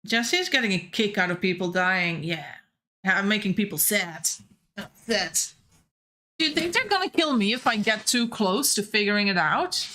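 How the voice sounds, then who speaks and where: A woman's voice: medium pitch, animated, normal speed, sharp tone. A woman giving live game stream commentary, chatty and playful as she thinks aloud.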